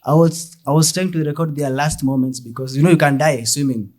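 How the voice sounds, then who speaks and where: A young Kenyan man with a Kenyan accent performing a deadpan stand-up comedy set, mixing English and Swahili. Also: on the high side, a little fast.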